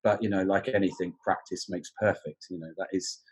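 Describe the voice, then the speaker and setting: Low, steady, and slightly rough, his voice moves at a brisk clip. The speaker, a London-accented southern English exam teacher, is a podcast guest loosely discussing teaching exams amid frequent fillers and restarts.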